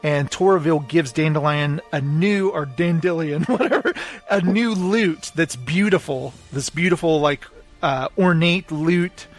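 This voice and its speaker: A man's voice: fairly high pitch, measured pace, soft background music. A man co-hosting a podcast, casually recapping a book and acting out its quotes. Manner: retells scenes, acting out quotes. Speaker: podcast co-host. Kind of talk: casual book club chat.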